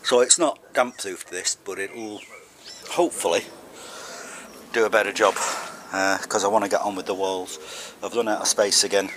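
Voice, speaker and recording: A man's voice: on the low side, fairly even intonation, moderate pace, background noise. A man filming his DIY yard project, talking casually and a little out of breath. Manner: chatty, breaks off with ums and short laughs. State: a bit out of breath. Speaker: DIY vlogger. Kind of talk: casual workshop vlog. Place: outdoor yard building site.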